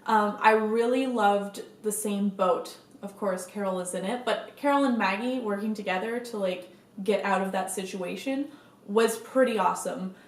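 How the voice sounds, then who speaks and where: A young woman vlogger chats casually to the camera as a fan, gushing with enthusiasm and cursing occasionally. Her voice is medium in pitch at a normal speed, and the room sounds echoey.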